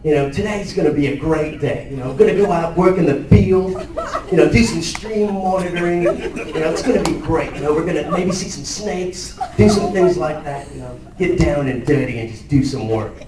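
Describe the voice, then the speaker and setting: A man putting on an eager wildlife TV host impression with an Australian accent, exclaiming excitedly. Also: fairly high pitch, moderate pace, noisy background, voice pushed up, close to an everyday voice. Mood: exuberant. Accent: put-on Australian. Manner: excitable, shouty, bouncy exclamations. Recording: roomy hall, captured from far off.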